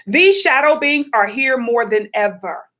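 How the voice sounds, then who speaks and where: A middle-aged woman giving spiritual advice in a chatty, animated livestream talk, calling her viewers y'all. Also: on the high side, unhurried. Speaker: spiritual vlogger.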